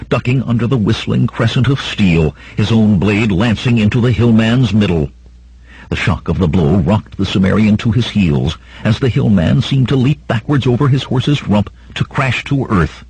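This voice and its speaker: A man's voice: lowish voice, darkish tone, slightly rough, dry recording. A man reading a sword-and-sorcery audiobook as dramatic narration, raising his voice for the battle cries. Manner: acts out battle cries in a raised voice.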